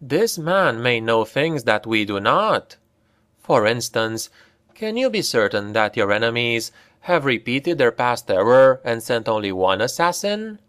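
A man voicing a cunning elf enchantress woman in an audiobook, speaking in a soft, measured, melodious way. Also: medium pitch, very animated, clear, resonant tone. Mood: persuasive.

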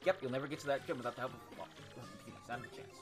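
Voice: medium pitch, very fast, lightly acted. A woman voicing a cranky old elder creature who scolds and lectures in a bossy way, with game music playing behind. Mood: instructing.

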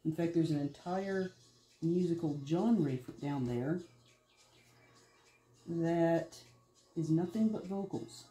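Very mellow-voiced man chatting in a roomy space. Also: on the high side, slow, pauses often. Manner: rambling, chatty, wanders between topics. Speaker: art channel host. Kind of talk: casual chat while making art. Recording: roomy echo, faint music behind.

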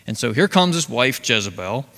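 A man teaching a casual Bible study, retelling scripture in a conversational, animated way. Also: medium pitch, normal speed, in a large hall. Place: church assembly hall.

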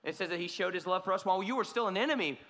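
Racing and animated, this preacher's high, bright, forceful voice fills a church sanctuary with church hall reverb. He speaks earnestly and conversationally, often restarting his sentences.

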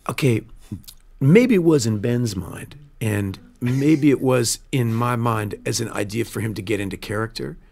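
A man, a film director, telling stories in a casual studio interview, earnest and animated, often restarting his sentences. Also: mid-range voice, moderate pace, creaky. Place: radio studio.

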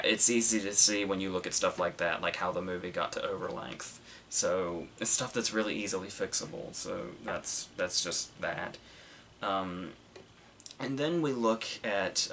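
A man's voice: lowish voice, fairly bright tone, slight background noise. A young man hosting a podcast, chatting casually about a movie with lots of fillers and little laughs. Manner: rambling, frequent fillers and laughs. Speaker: podcast host. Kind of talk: casual film review chat.

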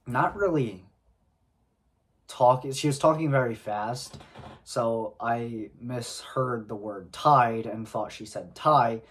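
Slow-talking man telling a story. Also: medium pitch. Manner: slow, halting delivery with frequent pauses and throat clearing. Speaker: vlogger. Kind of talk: casual storytelling to camera.

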